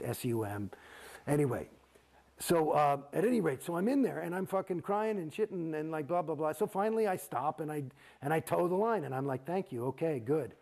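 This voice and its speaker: A middle-aged man, an actor, telling his own story in an interview, profane and animated, acting out the exchanges he describes. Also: on the high side, gravelly, slightly rough. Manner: profane, animated, gets heated and acts out quoted exchanges.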